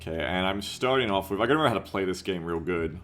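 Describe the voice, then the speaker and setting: A man's voice: sits low, lively intonation, racing, fairly bright tone, faint music behind. A man streaming a game, talking loosely and chattily, swearing and reading out chat messages. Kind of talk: casual livestream commentary.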